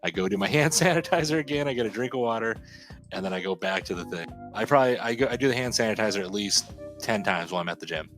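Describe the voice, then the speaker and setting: Male podcast co-host, low voice, emphatic rambler, casual, faint music bed. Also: lively intonation, fast talker, a bit bright. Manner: rambling, emphatic, self-repeating. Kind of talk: casual chat. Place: home studio.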